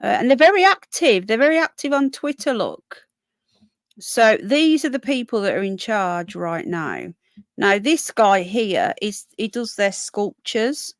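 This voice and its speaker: A woman's voice: medium pitch, sing-song, measured pace. A tired woman hosts a casual live stream, chatting with her viewers. Her voice sits in a middle range and sounds dry and close, with no room echo. She yawns often and drifts off her point to answer comments. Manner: chatty, talks to viewers and pets in between points. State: yawning, tired. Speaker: livestream host.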